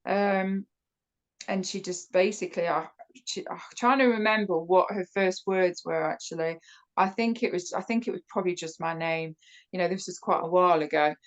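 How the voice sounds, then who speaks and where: A woman from the United Kingdom with a British accent, a podcast guest telling a personal story in a casual, animated way, with many fillers and restarts. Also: lowish voice, normal speed, rough recording. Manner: laughs often while telling the story.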